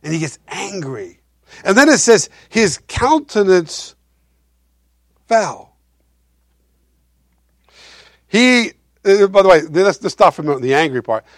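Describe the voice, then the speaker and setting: A male pastor preaching a sermon, swinging between loud emphasis and quiet asides while asking his congregation questions. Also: high voice, big pitch swings, moderate pace, dry recording, clean studio sound.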